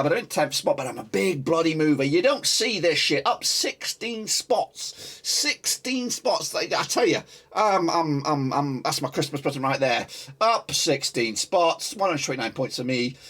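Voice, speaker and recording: A man hosting a football prediction channel, chatting casually to viewers, boastful and hyped, swinging between loud gloating and quiet muttering. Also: medium pitch. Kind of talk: excitable casual chat to viewers.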